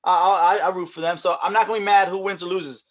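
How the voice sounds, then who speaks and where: Co-host dude rambling about football, kinda high voice, muffled lo-fi audio. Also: male voice, steady tone, fast talker. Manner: rambling, laughs often, many restarts. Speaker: podcast co-host. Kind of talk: casual sports podcast chat. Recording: dull lo-fi sound.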